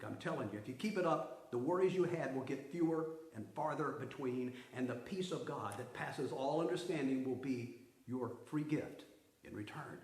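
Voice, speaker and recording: A man preaching a sermon with a slightly high voice, pressing his points hard and then dropping to a hush. He is the pastor, speaking in a church sanctuary with a roomy echo behind his words. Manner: emphatic preaching with swings from loud to hushed.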